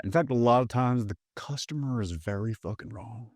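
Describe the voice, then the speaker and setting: A man's voice: medium pitch, moderate pace, darkish tone, no room sound, clean studio sound. A man co-hosting a podcast in casual comedic chat. He is blunt, sarcastic and swears a lot. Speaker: podcast co-host.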